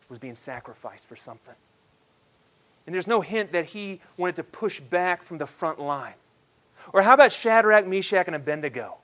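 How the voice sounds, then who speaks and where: Male pastor in his thirties, high-pitched, emphatic sermon delivery with loud peaks and soft asides. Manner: emphatic preaching that swings between loud declarations and hushed asides.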